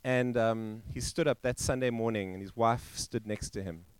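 A male pastor telling a story in a sermon, halting and restarting, and acting out the quoted voices. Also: medium pitch, fairly even intonation, clear, resonant tone, no echo. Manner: halting, with frequent restarts and fillers. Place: church.

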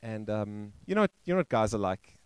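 A male pastor telling a story in a sermon, halting and restarting, and acting out the quoted voices. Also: fairly low pitch, big pitch swings, smooth, no room sound. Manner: halting, with frequent restarts and fillers. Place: church.

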